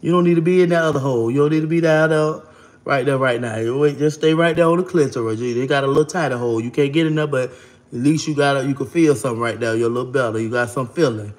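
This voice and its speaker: A woman talking straight to her viewers in a casual vlog, blunt and brash, with profanity thrown in constantly. Her delivery is animated and expressive. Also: rumbling low, quick pace. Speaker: vlogger. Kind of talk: casual monologue to camera.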